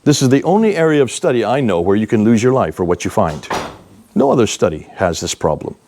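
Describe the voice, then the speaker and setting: A man in his sixties giving a seminar talk, telling lively, emphatic anecdotes to a live audience. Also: fairly low pitch, a little fast, a little hiss or hum. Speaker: seminar speaker. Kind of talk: animated storytelling lecture.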